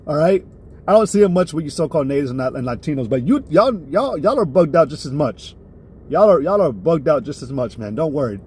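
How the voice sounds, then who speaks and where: Speaking a little fast in a husky voice on the high side, a man gives a live-streamed religious lesson that is heated and profane. He is very animated, keeps asking "all right?", and flares up loudly before reining himself in.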